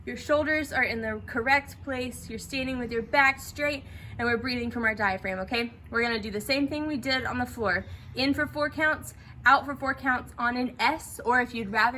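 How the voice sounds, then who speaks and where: Breathing instruction for theatre students comes from a woman whose voice is on the high side, bright, and forceful. She stays encouraging and regularly asks "okay?", while a slight hiss or hum sits under the recording.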